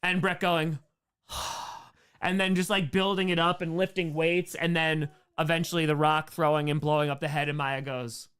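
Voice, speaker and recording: A man hosts a casual livestream Q&A, reading chat names and riffing with loose, rambling jokes. His voice sits a bit high and sounds smooth and clear. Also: little pitch movement, normal speed, fairly bright tone. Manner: rambling, jokey, answers chat names aloud. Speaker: streamer host answering chat.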